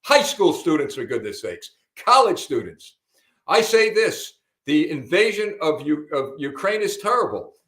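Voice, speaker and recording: A man's voice: high voice, a bit bright. An older man hosting a political commentary broadcast, emphatic and repetitive, often calling listeners folks. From United States. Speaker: host. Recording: roomy echo.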